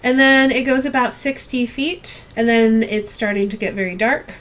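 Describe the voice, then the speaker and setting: A young adult woman narrating a tabletop game as game master, unhurried and with frequent ums. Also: on the high side, a bit bright.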